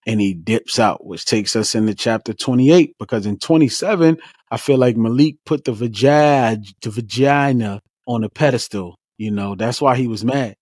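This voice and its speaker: A man co-hosting a casual book club discussion, relaxed, retelling scenes with quoted lines and casual slang. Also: medium pitch, normal speed, dry recording, studio quality.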